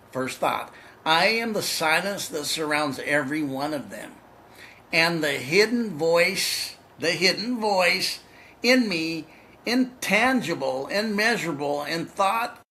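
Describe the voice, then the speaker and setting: A man with a bright, forceful, slightly high voice teaches from a spiritual text. He reads lines aloud and then circles back over them, repeating phrases with emphatic stress. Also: slight background noise, poor audio.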